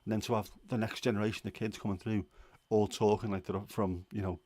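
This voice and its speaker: A man's voice: on the low side, level tone, fast talker, a little mellow. A man hosting a casual livestream, chatty and opinionated, rambling with fillers. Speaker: livestream host.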